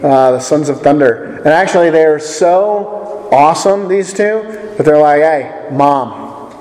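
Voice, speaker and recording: A man's voice: on the high side, a little slow, darkish tone. A man leading a casual Bible study, chatty and joking as he puts questions to the group. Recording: echoey hall with long reverb.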